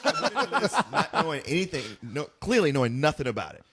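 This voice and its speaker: A man co-hosting a film review chat, cracking loud jokes with mock outrage, his fairly high voice leaping all over the place. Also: huge pitch swings, fast, slightly rough. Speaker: film review podcast host. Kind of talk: casual chat.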